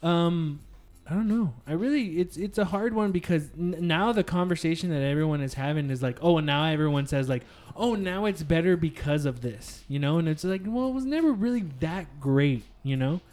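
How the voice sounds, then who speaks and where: Animated guy telling gaming stories. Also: a little high, moderate pace. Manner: animated, swears freely, tells stories. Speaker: podcast co-host, streamer. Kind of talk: casual gaming chat.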